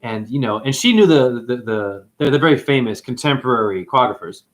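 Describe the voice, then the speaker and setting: Excitable man with a lively, bouncing voice. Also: mid-range voice, brisk. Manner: excitable, profane, rambling storyteller. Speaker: livestream host. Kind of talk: rambling livestream chat, answering comments.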